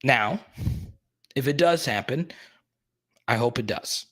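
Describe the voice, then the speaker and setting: A man hosting a live sports stream, chatting casually and excitedly with his viewers and often repeating himself. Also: medium pitch, slow. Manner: excitable, talks straight to the chat, repeats himself.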